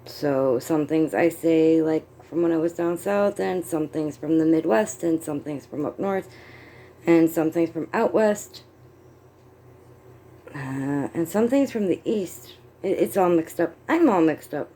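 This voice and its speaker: A woman's voice: sits low, a little slow, mellow. A middle-aged woman from the United States chatting casually on her vlog, rambling and self-amused while she crochets and glances at her notes. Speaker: vlogger. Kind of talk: casual chat.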